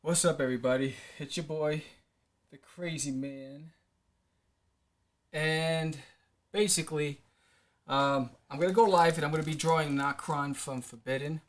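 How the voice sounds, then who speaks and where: A middle-aged man hosting a live stream as an independent comic creator, talking casually in a rambling, excitable way with many fillers. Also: a little high, a little slow, pauses often.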